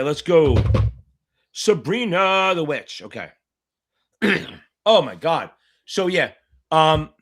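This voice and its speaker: A middle-aged man with a slightly bright voice on the high side tutors for a finance exam during a live Q&A stream. He's blunt and profane, launching into rapid rants full of constant swearing.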